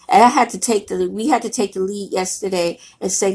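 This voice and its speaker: A middle-aged woman gives a motivational talk, her voice husky and worn by a cold. She talks bluntly and plainly, in a preaching tone full of casual slang. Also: mid-range voice, fairly even intonation, a little fast, hardly any pauses, a little mellow. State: voice roughened by a cold. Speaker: motivational speaker.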